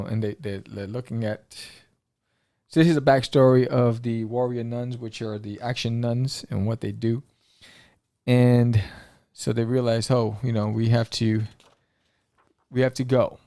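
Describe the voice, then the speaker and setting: A man hosting a podcast, rambling excitedly through a comic book review with lots of fillers. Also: mid-range voice, creaky, no echo, studio quality.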